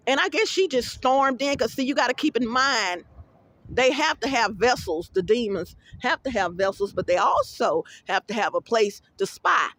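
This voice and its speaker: A woman's voice: mid-range voice, a bit bright, slight background noise. A woman giving a rambling casual vlog monologue. She tells her stories bluntly and profanely, with plenty of animation. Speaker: vlogger.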